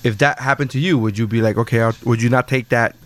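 A man's voice: medium pitch, fast, a crowd in the background. A man chatting casually while reacting to a movie, teasing and swearing often. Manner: teasing, profane, animated.

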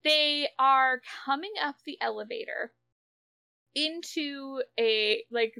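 A woman co-hosting a podcast, recapping an episode in casual chat, animated and swearing freely. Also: high voice, vocal fry, no room sound. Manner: animated, swears casually, quick asides and laughs. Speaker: podcast co-host.

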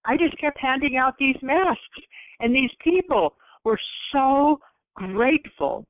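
A woman's voice: high-pitched, expressive, slow pace, no room sound. A woman telling a personal story in conversation, earnestly acting out what she and others said. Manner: earnest, acts out her own quotes. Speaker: guest. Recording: tinny phone line.

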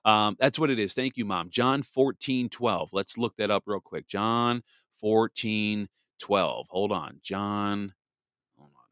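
A man's voice: fairly low pitch, slow, fairly bright tone, smooth, dry recording, studio quality. A man hosting a live podcast in a rambling, chatty way, greeting listeners by name. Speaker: podcast host. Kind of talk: casual live podcast chat.

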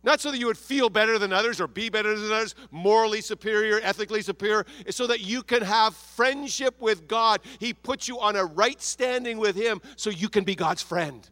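A male pastor delivering a lively sermon, voicing prayers and quotes with sudden rises and drops. His voice sits a bit high for a man and is recorded close and dry, with little room sound. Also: brisk, few pauses, no echo. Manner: animated preaching, acts out prayers and quotes in shifting pitch. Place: church.

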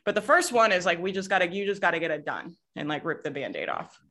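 A woman's voice: fairly low pitch, expressive, fast talker, bright, forceful tone. A woman with a Southern US accent coaching a group over a video call, talking casually, swearing now and then and laughing often. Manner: casual, laughs often, swears, quotes people in put-on voices. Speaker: business coach.

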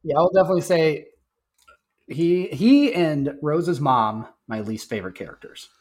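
A man's voice: fairly high pitch, animated, moderate pace, a little mellow, husky. A man co-hosting a podcast in casual film-review chat, blunt and terse, with short profane retorts. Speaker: podcast co-host.

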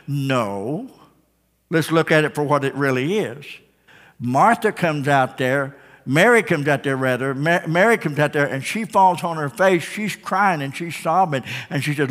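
A man's voice: on the high side, expressive, normal speed, a bit bright. A man preaching a sermon, retelling a story dramatically and firing rhetorical questions at the congregation. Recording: long hall reverb.

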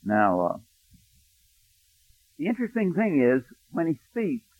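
A male pastor preaching a sermon, telling a personal story, hushed in tender moments and rising to emphatic preaching. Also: a little high, huge pitch swings, unhurried, no room sound. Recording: dry, thin phone-like sound.

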